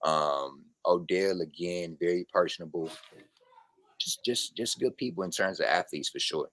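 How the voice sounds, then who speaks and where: A man, a sports reporter and guest on a podcast, talking in a relaxed, slangy way and laughing easily. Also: sits low, normal speed. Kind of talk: casual podcast interview.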